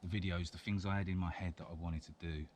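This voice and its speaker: A deep-voiced man chats his way through a woodland demonstration. He rambles, restarts his thoughts, and chuckles often. Steady outdoor noise sits clearly behind his voice. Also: fast. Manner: rambling and chatty, with frequent chuckles. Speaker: bushcraft vlogger. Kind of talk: casual outdoor chat and demonstration.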